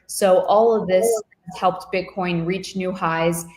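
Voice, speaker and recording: Relaxed woman analyst with a lowish voice, explaining markets in an echoey space. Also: slow pace. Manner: relaxed, explains clearly with filler words. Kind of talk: casual explanatory talk. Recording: echoey room sound.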